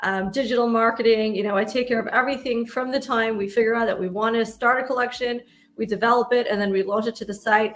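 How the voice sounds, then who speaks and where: A woman from New York appearing as a guest expert, explaining her work in a brisk, businesslike way. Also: mid-range voice, a bit bright. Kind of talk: interview answers.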